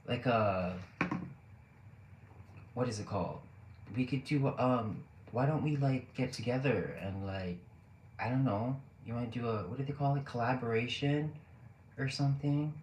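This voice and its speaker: A man's voice: medium pitch, normal speed, pauses often, darkish tone. A man casually chatting with his live stream audience, joking, laughing often and rambling with fillers. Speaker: live streamer reading chat. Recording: roomy echo, faint background noise.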